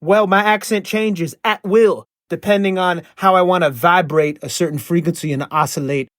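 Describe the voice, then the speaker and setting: A man's voice: high voice, steady tone, normal speed, a bit bright, no echo, studio quality. A man doing an eccentric, ancient interdimensional superhero. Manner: flamboyant, shifting put-on accents, rambling. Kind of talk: improvised comedy podcast.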